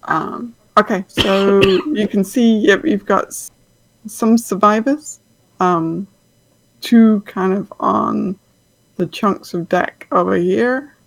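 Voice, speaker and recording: Woman running a d&d game, slow and umm-y, gravelly, dry close sound. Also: mid-range voice, no room sound, poor audio. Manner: unhurried, hesitant, full of fillers. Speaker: game master. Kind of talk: narrating a tabletop game.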